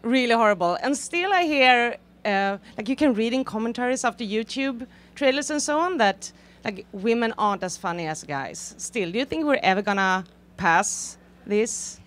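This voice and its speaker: A woman's voice: a little high, animated, normal speed, fairly bright tone. A woman screenwriter in the audience asking the panel a frank, indignant question.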